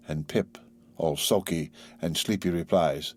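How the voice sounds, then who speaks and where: Calm male audiobook narrator. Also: low-pitched, measured pace, no room sound. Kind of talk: audiobook reading.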